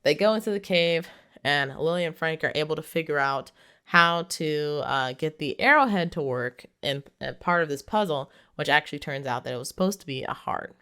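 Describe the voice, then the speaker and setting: A woman's voice: low-pitched, expressive, normal speed, fairly bright tone, smooth. A woman casually recapping a movie's plot, talking in a chatty way with lots of "like". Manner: chatty, heavy use of "like", laughs while retelling. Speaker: movie reviewer.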